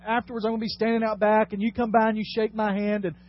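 Male pastor, high voice, sermon with dramatic quiet-to-loud swings, dull lo-fi church recording. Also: little pitch movement, fast talker. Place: church sanctuary. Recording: dull lo-fi sound with faint noise.

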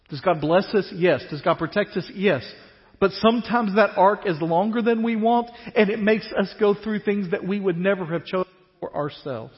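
High-voiced preacher in a reverberant hall. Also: male voice. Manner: animated preaching, drops to a hush at phrase ends. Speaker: pastor. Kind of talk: sermon. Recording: dull reverberant church hall.

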